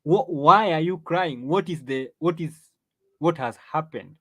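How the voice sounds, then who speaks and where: A man with a somewhat high voice delivers a lecturing monologue as host. He leans on rhetorical questions and drags out key phrases for emphasis, often restarting mid-sentence. The sound is dry, with no room echo. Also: a little slow, pushed and bright. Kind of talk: opinion monologue.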